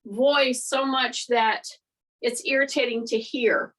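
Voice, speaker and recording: Lady leading a workout class, high bright voice, talks slow, a bit far off the mic. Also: fairly even intonation. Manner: chatty, laughing, elevated teaching voice. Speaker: fitness instructor. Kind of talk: online fitness class instruction. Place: fitness studio. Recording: voice from away from the mic.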